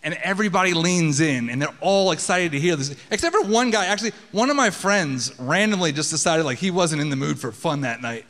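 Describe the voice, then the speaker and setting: A man's voice: on the high side, lively intonation, brisk, few pauses, a bit bright, in a large hall. A man telling a personal story on a theater stage in a casual, profane, conversational way.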